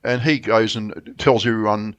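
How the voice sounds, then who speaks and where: A middle-aged Australian man chatting casually, telling a long story with many restarts and getting animated when he quotes people. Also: fairly low pitch, moderate pace, clean tone, muffled recording. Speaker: friend sharing memories. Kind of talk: casual chat.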